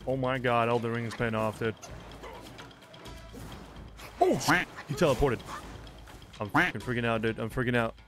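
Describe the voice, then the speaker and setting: A young man casually commentating a game as he plays, excitable and swearing, with shouted reactions. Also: mid-range voice, quick pace. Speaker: gaming streamer. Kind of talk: let's play commentary. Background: game music.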